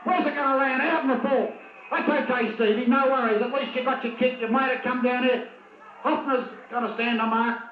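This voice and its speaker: An Australian man giving live football commentary, excitable and openly biased toward one side. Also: very high voice, fairly quick, slight background noise. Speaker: match commentator. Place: at a football ground. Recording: tinny, echoey 1980s video tape.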